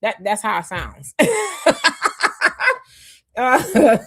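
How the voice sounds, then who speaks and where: A woman's voice: a little high, expressive, drawn-out words. Chatty woman co-hosting a live stream. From United States. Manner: chatty, reads viewer comments aloud and greets them. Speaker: livestream co-host. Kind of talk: casual live chat commentary.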